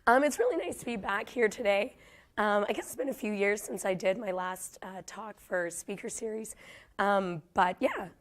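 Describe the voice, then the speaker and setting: Young woman from Canada, hoarse and losing her voice, relaxed self-deprecating guest lecturer. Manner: speaks low, chatty and self-deprecating, laughs often. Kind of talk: casual public lecture.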